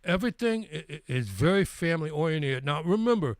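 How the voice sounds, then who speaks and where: A man in his sixties hosts a live stream and spins a travel story in a rambling, easygoing way. He repeats words and restarts sentences as he goes. His voice sits a bit high for a man, and the sound is dry and close. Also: lively intonation, brisk, no echo. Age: 60s. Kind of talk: casual storytelling.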